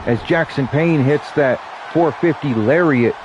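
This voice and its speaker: A man's voice: a little high, a little slow, dull audio, background noise. A man with a stuffy nose doing casual wrestling play-by-play commentary, dropping joking asides between his calls.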